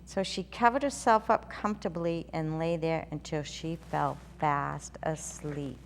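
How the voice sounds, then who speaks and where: A woman hosting a children's story show, reading a storybook aloud in a gentle, sing-song way. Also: low voice, measured pace, creaky. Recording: reverberant room with faint hum.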